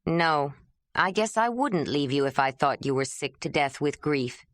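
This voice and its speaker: A woman's voice: low-pitched, lively intonation, a little slow, no room sound. A woman voicing an injured, protective older brother who pleads earnestly in an audiobook. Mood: pleading. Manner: pleading, urgent.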